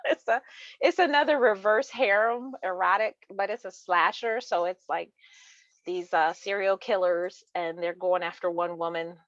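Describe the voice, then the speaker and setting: A woman's voice: medium pitch, measured pace, no room sound. Woman author, interview guest, chatty and laugh-prone; lo-fi dull recording. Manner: chatty, laughs often, many restarts. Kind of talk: casual chat about books.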